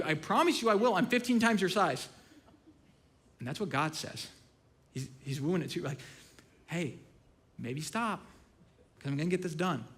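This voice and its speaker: Male pastor, 30s, sermon, chatty storytelling, loud-to-hushed swings, fairly high voice. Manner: conversational storytelling, swinging between loud excitement and hushed asides.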